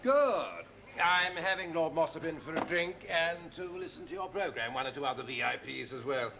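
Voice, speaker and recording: Pompous senior doc, brisk, bouncy voice, cuts people off. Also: male voice, a little high, animated, creaky. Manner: brisk, talks over others. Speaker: senior doctor. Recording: noisy old TV sitcom soundtrack.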